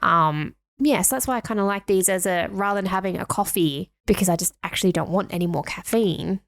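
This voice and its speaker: A woman's voice: mid-range voice, brisk, gravelly. A woman co-hosting a podcast, talking in chatty, filler-heavy casual conversation with a giggly edge. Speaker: podcast co-host.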